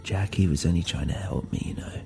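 A man's voice: low-pitched, a little fast, gravelly, mellow, soft background music. A man voicing a cold, menacing young German woman who speaks in clipped, broken English. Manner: stern, clipped commands.

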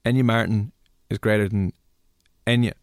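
A man's voice: on the low side, steady tone, moderate pace, darkish tone, no echo, clean studio sound. A young Irish man with a Dublin accent, hosting a radio show in casual, jokey, rambling chat. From Ireland. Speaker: radio host.

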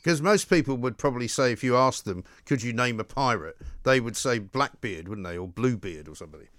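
A man's voice: mid-range voice, expressive, a little fast, fairly bright tone, no echo, clean studio sound. Chatty male radio talk host. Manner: chatty, affable, hesitant fillers. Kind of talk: live radio phone-in chat. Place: radio studio.

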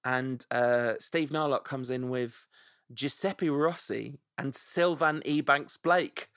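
Taking his time, a podcast host reads out name suggestions and plainly enjoys how each one sounds, keeping the chat playful and casual. His mid-range voice is fairly bright, captured with studio quality and no echo.

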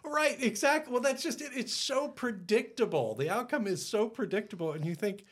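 A man co-hosting a podcast, ranting in exasperated, animated bursts, swearing casually and restarting his sentences. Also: high-pitched, normal speed, breathy edge. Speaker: podcast co-host. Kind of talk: casual chat.

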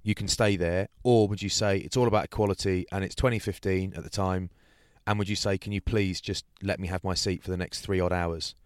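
A man with a low, smooth voice co-hosts a podcast, talking a little fast with hardly any pauses as he tells a story in casual chat and animatedly acts out its people. The studio-quality recording has no echo.

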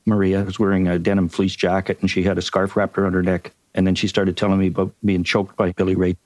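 An older man with a Canadian accent, a retired detective telling a case in a measured, methodical way on a podcast. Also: deep voice, completely flat delivery, a little mellow, dry recording. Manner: measured, methodical recounting with occasional ums. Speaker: retired detective and crime writer, guest. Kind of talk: podcast interview storytelling.

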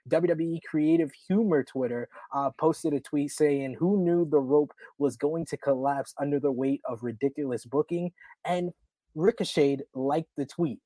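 A man in his thirties hosting a casual wrestling podcast, rambling with lots of fillers and loud laughs. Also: a little high, dry recording. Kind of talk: casual chat.

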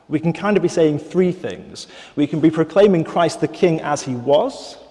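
A man preaching a sermon in a church, thoughtful and measured, with some fillers and restarts. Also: mid-range voice, dark tone, long reverb tail.

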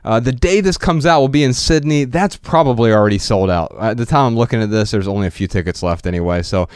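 Smooth-voiced male podcast host. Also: mid-range voice, quick pace, dry recording, studio quality. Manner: upbeat, joking, promotional. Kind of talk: casual podcast chat and announcements.

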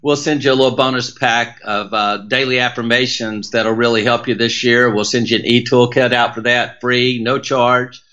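A man's voice: medium pitch, level tone, moderate pace, few pauses, bright, forceful tone, clear, resonant tone, lo-fi sound. A middle-aged man with a Southern American accent, a motivational speaker talking as a podcast guest in an emphatic, preacher-like rhythm with lots of repetition. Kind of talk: podcast interview.

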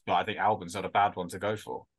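A man co-hosting a casual motorsport podcast, talking in a jokey, teasing, animated way. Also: low-pitched, quick pace. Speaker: podcast co-host.

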